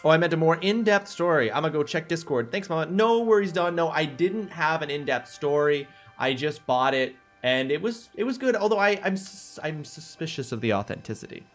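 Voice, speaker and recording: A young adult man streaming a video game, chatting casually and excitably with his chat. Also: on the high side, fairly quick, few pauses, soft background music.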